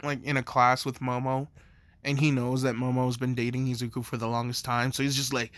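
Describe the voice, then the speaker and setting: A young man telling a fan story in a rambling, casual way at a middle pitch. He's recorded close up and dry, with no room sound. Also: level tone, fairly quick, a bit bright, no room sound. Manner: rambling, filler-heavy.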